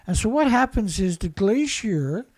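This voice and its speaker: A man's voice: sits high, animated, measured pace, darkish tone. A man giving a profane, sarcastic rant as he reads and mocks news reports. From Canada. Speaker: environmental commentator. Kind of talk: ranting commentary over news clips.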